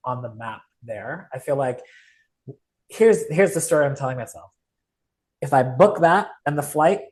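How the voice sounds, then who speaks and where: A man's voice: mid-range voice, low-quality recording. Candid man opening up. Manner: candid, emotional, opens up about struggles. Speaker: coach. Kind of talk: casual conversation.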